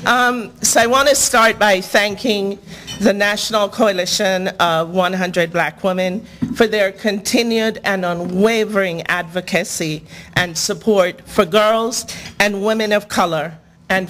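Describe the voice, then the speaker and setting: A woman's voice: mid-range voice, a little hiss or hum. A woman accepting an award at a gala, giving a composed and gracious formal thank-you speech. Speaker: award honoree. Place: large hotel ballroom gala.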